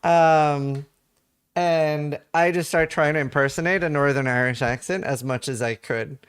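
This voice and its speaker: A man's voice: a little high, unhurried, clean tone. A Norwegian man, a streamer, rambling through a casual anecdote with lots of filler words while gaming at a desk mic. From Norway.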